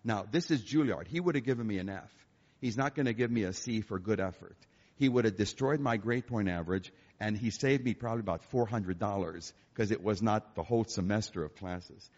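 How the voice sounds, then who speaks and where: A man's voice: lowish voice, brisk. An older man, a concert pianist, telling joking stories to an audience at a church. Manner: animated, joking storyteller. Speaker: concert pianist and guest speaker. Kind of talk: storytelling talk to an audience. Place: church hall. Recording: echoey hall, dull lo-fi sound.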